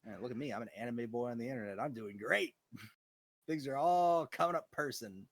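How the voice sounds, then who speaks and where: A man's voice: mid-range voice, normal speed, dry recording. A young man co-hosting a casual chat, telling rambling, profane stories with a lot of animation. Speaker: co-host.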